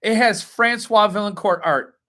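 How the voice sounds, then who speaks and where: A man's voice: high voice, a little slow, sharp tone. A man hosting a casual livestream, rambling as he reads and answers chat comments. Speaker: host.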